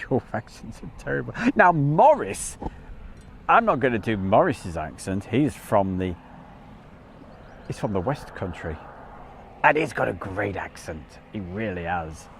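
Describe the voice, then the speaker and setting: His voice sits low and a bit bright, very animated at a measured pace, with a little hiss or hum behind it. He's a livestream host with an English Midlands accent, rambling through casual, self-deprecating commentary.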